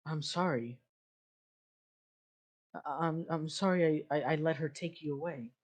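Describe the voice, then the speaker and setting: A game master voicing a calm, disembodied spirit that speaks softly and stammers with grief and regret. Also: medium pitch, close to an everyday voice. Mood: remorseful. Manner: soft, halting, stammers with emotion.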